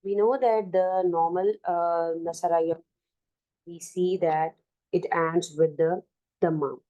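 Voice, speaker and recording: A woman with a South Asian English accent teaching an online Arabic grammar lesson, explaining slowly with many fillers and restarts. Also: fairly low pitch, steady tone, mellow, highs cut off.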